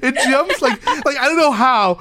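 A young man co-hosting a casual chat show, telling a story in an animated, laughing way with playful overacting. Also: very high voice, moderate pace. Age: young adult. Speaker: podcast co-host.

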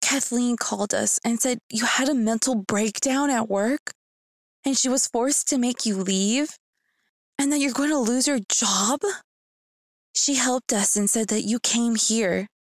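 A woman's voice: on the high side, measured pace, no echo, studio quality. Earnest storybook young man, urgent and concerned, read by a woman narrator in her own voice. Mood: urging. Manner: earnest, urging.

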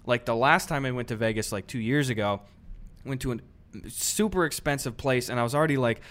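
A young man with a mid-pitched voice co-hosting a podcast. He rambles in a relaxed, conversational way, cursing casually as he talks. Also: brisk. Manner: laid-back, swearing, rambling. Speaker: podcast co-host. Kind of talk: casual chat.

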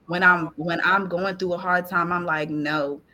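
A woman guest on a podcast, joining by video call, sharing an emotional faith testimony in animated, colloquial speech, laughing through tears. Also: fairly low pitch, normal speed, highs cut off.

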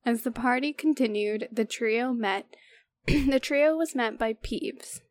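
A woman reading a book chapter aloud on a podcast, pausing to comment and laugh. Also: fairly high pitch. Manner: reads steadily, stops to comment and laugh. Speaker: podcast co-host.

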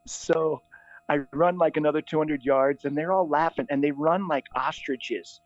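Middle-aged man, a priest, chatty, animated storyteller; dry, muffled recording. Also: a little high, moderate pace, no echo. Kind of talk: storytelling in conversation. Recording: dull, dry lo-fi sound.

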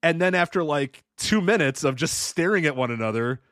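A man's voice: a little high, lively intonation, a little fast, fairly bright tone, dry recording, clean studio sound. Laid-back male podcast host. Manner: laid-back, rambling, often laughing along. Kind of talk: casual podcast chat.

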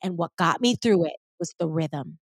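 A woman hosting a podcast, telling a personal story in a casual, animated way, swearing freely and talking straight to her listeners. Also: on the low side, moderate pace, vocal fry, breathy edge, dry recording, clean studio sound. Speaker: podcast host.

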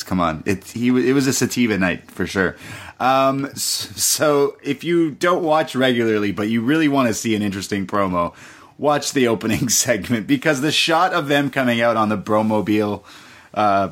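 A man's voice: lowish voice, fairly bright tone. A young man hosting a podcast, chatting casually and laughing often as he retells a wrestling show with quoted voices. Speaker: podcast host. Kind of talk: casual wrestling recap chat.

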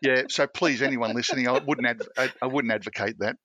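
A man's voice: medium pitch, fairly even intonation, a little fast, bright, forceful tone, dry recording. A middle-aged man, a former police officer, telling rambling anecdotes in a casual interview. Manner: rambling anecdotes, frequent restarts and self-laughter.

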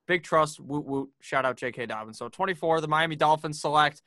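Brash, bright-voiced young man. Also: fairly high pitch, brisk, no room sound, clean studio sound. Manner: profane, joking, brash. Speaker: podcast host. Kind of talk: casual sports podcast chat.

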